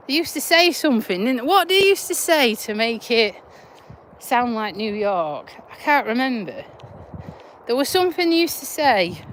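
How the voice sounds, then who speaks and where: A woman's voice: on the high side, sing-song, moderate pace, fairly bright tone, a little hiss or hum. A woman with a Yorkshire-Lincolnshire accent, chatting casually and bluntly on a live stream while out walking her dog, talking into a handheld phone. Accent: Yorkshire-Lincolnshire English. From Lincolnshire, England. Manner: chatty, laughing, broad and blunt. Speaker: vlogger, nurse. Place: outdoors on a country walk.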